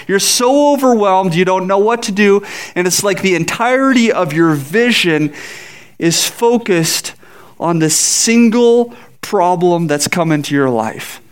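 Pastor, male, high-pitched, animated sermon delivery with acted-out voices. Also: measured pace, clear, resonant tone. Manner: animated preaching, acts out voices in scripture.

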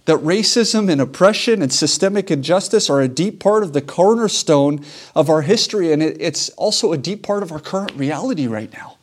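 A man's voice: fairly high pitch, lively intonation, fairly quick. A man preaching a sermon as a pastor, earnest and emphatic, repeating key lines for weight.

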